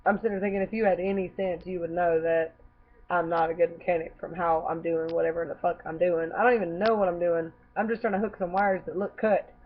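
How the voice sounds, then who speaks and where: A woman's voice: on the low side, little pitch movement, brisk, slight background noise. A young woman who is sick with a cough, bluntly telling a story to camera, swearing freely. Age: young adult. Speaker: vlogger. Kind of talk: casual storytelling. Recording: tinny phone-like recording.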